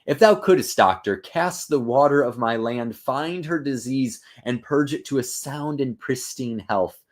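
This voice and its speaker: A man reading the part of a desperate, embattled king aloud, slow and deliberate, with rising urgency. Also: mid-range voice, voice pushed up, close to an everyday voice. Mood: commanding. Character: desperate tyrant king, male, middle-aged.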